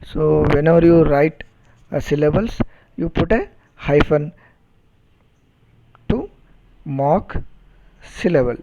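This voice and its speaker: A man teaching a phonetics lesson, repeating words and spelling them out deliberately, and checking understanding with questions. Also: a little high, expressive, gravelly, mellow, muffled recording, a little hiss or hum. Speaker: English teacher. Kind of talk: recorded phonetics lecture.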